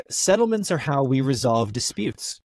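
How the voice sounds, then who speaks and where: A man's voice: medium pitch, big pitch swings, measured pace, darkish tone, no room sound. A man voicing a polite, apologetic courtier. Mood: courteous. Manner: courteous, explanatory, hesitant. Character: polite, apologetic male royal advisor.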